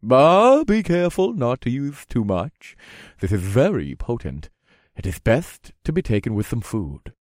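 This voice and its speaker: A man voicing a boisterous, friendly male potion vendor who gushes a showy sales pitch. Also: big pitch swings, a little slow, no echo, studio quality. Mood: eager. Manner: shouting, gushing salesman patter.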